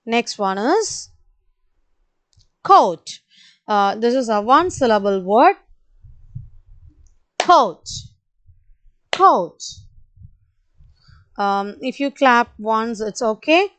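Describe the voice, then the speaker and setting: Female schoolteacher, Indian English accent, high voice, very slow and patient, spells and repeats words for children. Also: animated, a bit bright. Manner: kind, patient, addresses kids directly. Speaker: primary school teacher. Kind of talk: online spelling lesson for children.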